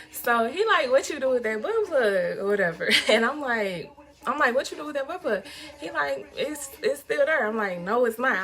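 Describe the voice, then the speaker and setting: A young woman telling a story to her viewers in a casual, animated, profane way, laughing often. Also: a little high. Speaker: vlog host telling a story.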